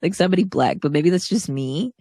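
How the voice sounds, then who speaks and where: A woman's voice: lowish voice, animated, quick pace, warm tone, husky, no room sound, studio quality. A woman co-hosting a podcast in casual chat, rambling and hedging with many fillers. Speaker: podcast co-host.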